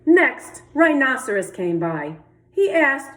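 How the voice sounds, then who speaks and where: A woman reads a children's picture book aloud, taking her time and letting her pitch leap around. She voices each animal as she goes. The room around her rings with echo. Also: unhurried. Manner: lively storybook reading, voicing each animal, urging kids to sing along. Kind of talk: children's read-aloud with sung refrain. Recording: echoey room.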